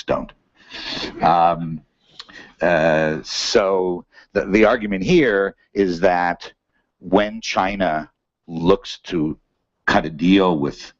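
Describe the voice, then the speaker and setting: A man speaks in a very deep, husky voice, lecturing to a seminar room in a loose conversational way. He fills pauses with "uh" and keeps checking in with "right?". The recording is muffled and dry. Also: no echo. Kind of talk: academic lecture.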